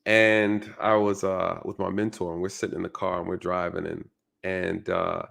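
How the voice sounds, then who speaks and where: Man, host, casual commentary, gravelly voice, reflective, repeats himself. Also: low-pitched, level tone, moderate pace, a bit bright. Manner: reflective, repeats phrases, keeps asking "right?". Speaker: channel host.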